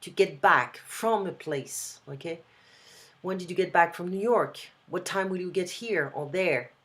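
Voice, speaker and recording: A woman with a French accent tutoring a student over a video call in a casual one-on-one lesson, explaining slowly and repeating example phrases. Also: on the low side, fairly bright tone. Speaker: language tutor.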